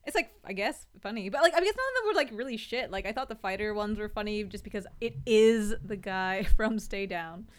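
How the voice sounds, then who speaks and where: A woman's voice: medium pitch, lively intonation, brisk, few pauses. A woman co-hosting a podcast who chats casually with frequent giggles. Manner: giggly, chatty. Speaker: podcast co-host. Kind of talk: casual chat.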